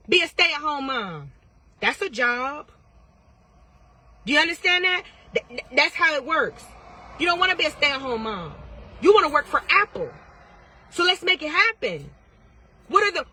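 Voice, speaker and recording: A woman's voice: high voice, pushed and bright, dry recording. A woman tarot reader giving blunt, profane advice in a casual vlog, firing off repeated questions.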